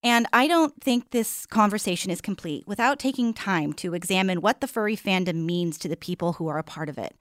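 A woman podcast host giving measured, earnest scripted narration. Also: mid-range voice, expressive, fairly bright tone, dry recording, studio quality.

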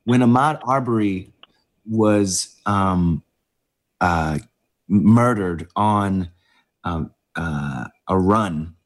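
A man being interviewed, telling a personal story with many pauses and fillers as he fights back tears. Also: low voice. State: emotional, close to tears. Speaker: interview guest.

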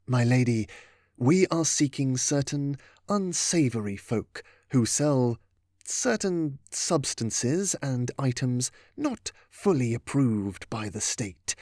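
Man putting on a low hushed formal merchant voice, slow and quiet, kinda sly. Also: sing-song, dry recording, studio quality.

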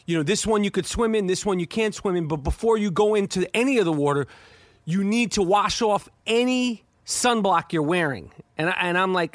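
High-voiced, profane New man. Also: no echo. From New York. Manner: profane, excitable, stammering restarts. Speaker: podcast host. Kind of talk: casual storytelling.

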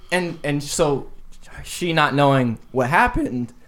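A man's voice: a little high, big pitch swings, slow pace, fairly bright tone. Laughing young man telling a prank story. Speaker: podcast co-host. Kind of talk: casual storytelling.

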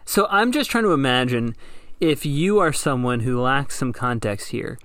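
A man co-hosting a casual podcast, playful and jokey, with animated exclamations. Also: medium pitch, moderate pace, no echo, studio quality. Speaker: podcast co-host.

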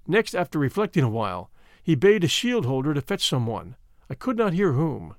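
Man, audiobook narration, measured storytelling, animated pitch, dry close sound. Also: no room sound. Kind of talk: audiobook narration of an adventure novel.

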